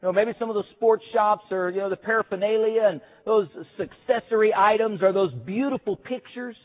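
A man gives a chapel sermon at a seminary in an easygoing, self-deprecating manner, often pausing on filler sounds. His voice sits high for a man. The recording is narrow and tinny, like a phone line. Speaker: preacher.

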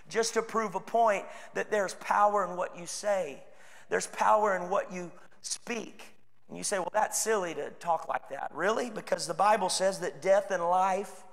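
High-voiced Texan preacher, reverberant church. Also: male voice, a bit bright. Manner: earnest, conversational preaching with acted quotes. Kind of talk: sermon. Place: church sanctuary.

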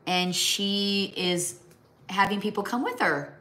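A woman's voice: medium pitch, animated, slow, pushed and bright. A middle-aged woman from the American Midwest chatting casually on a livestream while she crafts, rambling and breaking off to talk to her pets. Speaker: livestream host. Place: home kitchen or craft table.

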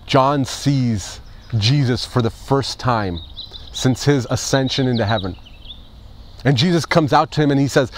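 A man's voice: mid-range voice, unhurried, a little hiss or hum. Man preaching with rhetorical questions. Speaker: pastor. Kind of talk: Easter sermon.

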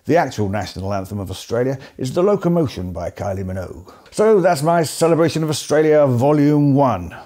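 A man's voice: mid-range voice, very animated, brisk, hardly any pauses, warm tone. A man from England narrating a comedy piece in a dry, mock-serious, sarcastic way. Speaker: comedy host. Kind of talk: deadpan comic narration.

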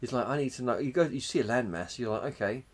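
A man's voice: mid-range voice, expressive, quick pace, slightly rough. A man co-hosting a podcast, rambling through a story in casual chat and swearing freely. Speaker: podcast co-host.

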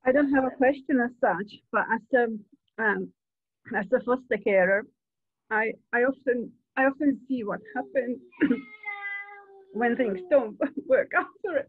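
An older woman, a foster carer, speaking haltingly and emotionally over a video call. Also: on the high side, breathy edge. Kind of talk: sharing in a Q&A. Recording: tinny phone-like call audio.

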